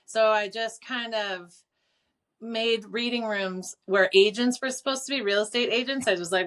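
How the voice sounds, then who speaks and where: A middle-aged woman telling her story as an interview guest, animated and casual, with lots of fillers and free swearing. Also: fairly high pitch, moderate pace. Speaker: clairvoyant and teacher, guest.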